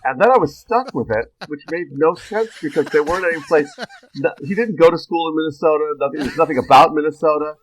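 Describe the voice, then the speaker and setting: A man, a guest actor on a podcast, telling animated behind-the-scenes stories in casual chat and laughing often as he talks. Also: fairly high pitch, fast talker, slight background noise, low-quality recording. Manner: chuckling, animated anecdotes.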